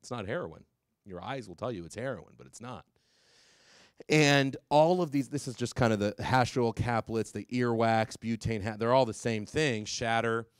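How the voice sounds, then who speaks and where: Animated man giving a talk. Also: medium pitch, smooth, no room sound, studio quality. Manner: animated, quick, many fillers and restarts. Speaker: drug policy speaker. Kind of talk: public talk to parents.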